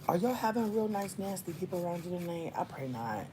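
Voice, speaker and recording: A vlogger unloads a story to camera from home, swearing freely and lurching between low muttering and loud, excited bursts. The voice sits in a middle register, and a faint background noise sits under it. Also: fairly quick, few pauses. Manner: profane, heavy swearing. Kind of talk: casual rant to camera. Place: indoors, at home near a window.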